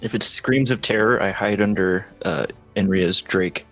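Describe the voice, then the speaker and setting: A man playing a tabletop game, describing his creature's actions in an animated way. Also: fairly low pitch, normal speed. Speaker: player. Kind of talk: casual tabletop banter. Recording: faint background music.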